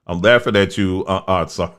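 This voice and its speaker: Man, deep voice, casual commentary, folksy. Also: fairly bright tone. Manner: conversational, folksy, mocks others in quoted voices. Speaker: host. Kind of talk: casual commentary on pictures shown on screen.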